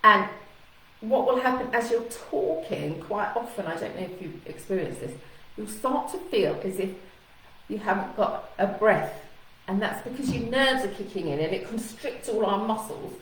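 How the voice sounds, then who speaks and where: A woman's voice: medium pitch, expressive, moderate pace, a bit bright, far from the mic. A woman speaking as a communication coach in a live talk to camera, chatty and encouraging, sometimes acting out anxious thoughts. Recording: echoey room with faint noise.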